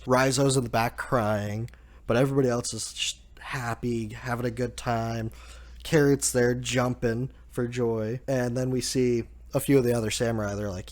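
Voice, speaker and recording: A man hosting a casual chapter review, relaxed, laughing often and saying "like" a lot. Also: medium pitch. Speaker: manga review host.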